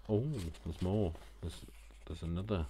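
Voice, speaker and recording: A man's voice: deep voice, slow, warm tone, slight background noise. A man chatting casually as he unboxes craft gifts, gushing, gasping and talking to himself. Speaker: craft vlogger.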